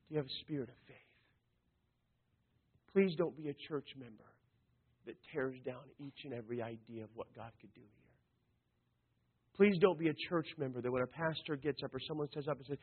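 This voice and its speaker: A man preaching a sermon, animated, acting out the voices of the story he tells. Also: on the high side, fairly quick, slightly rough. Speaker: pastor. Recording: tinny phone-like recording.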